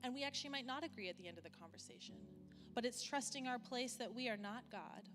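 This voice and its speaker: A woman in her thirties preaches in a church hall, telling a candid story in a conversational way. Her voice rings out with a long hall reverb, and music plays clearly underneath. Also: on the high side. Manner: candid, conversational, many fillers, slows for emphasis. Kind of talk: sermon with personal story.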